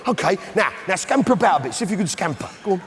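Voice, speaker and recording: Blustering English comedian in a big theatre. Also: male voice, high voice, sing-song, racing, in a large hall, faint music behind. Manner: blustering, bellowing, loudly indignant. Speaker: stand-up comedian in pub landlord character. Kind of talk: stand-up comedy. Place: large theatre with live audience. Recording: live theatre recording with crowd laughter. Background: audience laughter.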